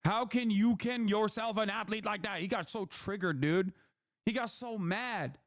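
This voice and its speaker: A man delivering a heated, profane political commentary rant, often breaking into shouting. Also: sits high, moderate pace, dry recording, studio quality. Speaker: streamer being watched.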